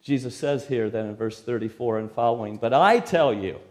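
A man preaching an expository sermon, verse by verse, with an emphatic delivery that swings between loud stresses and sudden quiet drops. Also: medium pitch, moderate pace.

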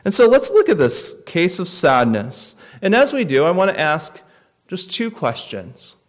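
A man preaching a sermon, earnest, rising to loud emphasis and dropping to quiet, reflective lines. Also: high-pitched, huge pitch swings, measured pace.

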